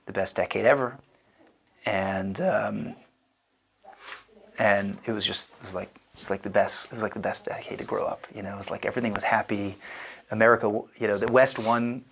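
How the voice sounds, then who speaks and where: Chatty man in his thirties teaching. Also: medium pitch. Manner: chatty, digressive, many fillers like "you know". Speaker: rabbi teaching a class. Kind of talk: casual lecture.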